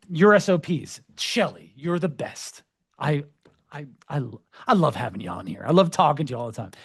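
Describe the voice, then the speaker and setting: A man hosting a podcast and presenting with an energetic, joking delivery, full of playful, self-mocking asides. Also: a little high, gravelly, no echo, clean studio sound. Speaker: podcast host.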